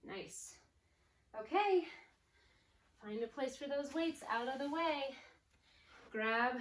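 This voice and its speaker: A woman fitness instructor coaching a home workout while exercising, upbeat, counting down reps and cueing form, a little out of breath. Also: fairly high pitch. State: slightly out of breath. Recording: echoey room, distant mic, faint noise.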